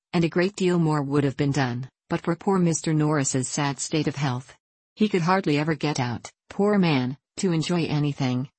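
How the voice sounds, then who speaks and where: A woman's voice: low voice, a little mellow, dry recording. A woman reading an audiobook voices a fussy, boastful older aunt who rambles on self-importantly.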